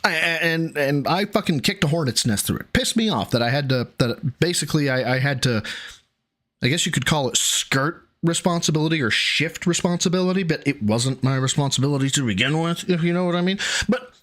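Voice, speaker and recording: A man's voice: fairly high pitch, expressive, a little fast, a bit bright. A man co-hosting a livestream, ranting and teasing in a profane, exasperated way. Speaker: co-host. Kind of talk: casual livestream banter.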